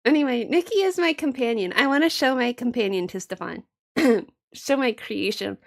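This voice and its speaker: A woman's voice: on the high side, expressive, normal speed, vocal fry. A woman streaming a game with casual chat, playful, giggly and self-mocking.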